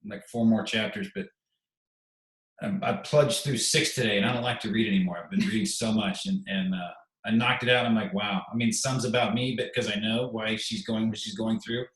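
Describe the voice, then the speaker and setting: A man's voice: fairly low pitch, fairly even intonation, fairly quick, fairly bright tone, far from the mic. A middle-aged man, a military veteran and podcast guest, talking in a heartfelt, rambling way and repeating himself. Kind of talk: podcast interview. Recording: echoey room, off-mic.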